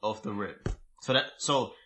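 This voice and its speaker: A man's voice: lowish voice, a little slow, sharp tone. A man reacting bluntly in casual, slang-heavy chat with friends.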